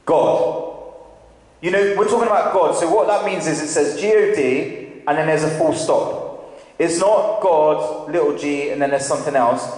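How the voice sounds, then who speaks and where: Male preacher, higher voice, chatty questioning delivery, long church reverb. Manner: conversational, asks the congregation questions. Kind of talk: sermon. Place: church hall. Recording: very echoey hall with long reverb.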